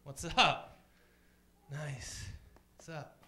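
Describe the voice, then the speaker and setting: Bright-voiced male stand-up comic. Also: very slow. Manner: deadpan, chatty, slips into high voices for others. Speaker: stand-up comedian. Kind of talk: stand-up comedy set. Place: comedy club stage.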